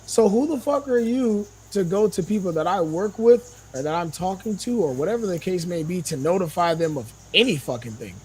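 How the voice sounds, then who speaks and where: A man's voice: high voice, animated, brisk, hardly any pauses, a little mellow, breathy edge. A young man, a podcast guest, talking heatedly and indignantly, swearing and firing off rhetorical questions. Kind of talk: heated casual podcast talk.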